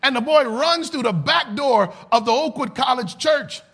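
Male preacher, high husky voice, sermon delivery with shouted, sing-song peaks. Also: lively intonation, moderate pace.

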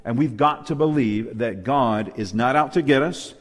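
A man's voice: mid-range voice, normal speed, in a large hall. A man preaching a Bible lesson to a live and online congregation, emphatic, asking rhetorical questions and calling for amens. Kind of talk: sermon-style Bible study. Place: church hall with live and online audience.

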